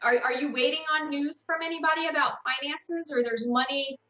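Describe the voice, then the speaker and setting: A woman hosting a call-in psychic radio show, giving slow, hesitant readings full of fillers and restarts. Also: sits high, pushed and bright, roomy sound, dull audio.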